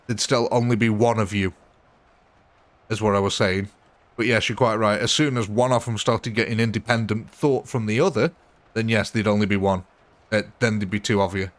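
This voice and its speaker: A man's voice: on the low side, steady tone, normal speed. A man hosting a live gaming stream, chatting casually with viewers in a rambling, self-mocking way. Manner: rambling and self-mocking, prone to laughing at himself. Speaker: gaming livestream host.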